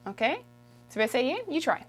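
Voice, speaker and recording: A woman from Quebec teaching French, who says each word slowly and repeats it for the learner. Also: sits high, sing-song. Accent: Québécois French. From Quebec, Canada. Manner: patient, drills words slowly and repeats them. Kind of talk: video language lesson.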